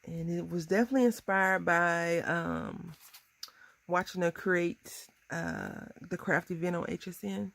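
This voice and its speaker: A woman in her thirties chatting casually through a crafting tutorial, bubbly and quick to laugh at herself. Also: lowish voice, gravelly, a bit bright, dry recording. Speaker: crafting vlogger.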